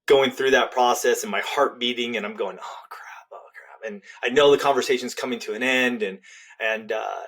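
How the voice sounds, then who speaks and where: A middle-aged man, a guest on a podcast, telling a personal story in an earnest, heartfelt way and dropping to a near hush at tender moments. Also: medium pitch, fairly even intonation, brisk. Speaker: podcast guest, relationship author.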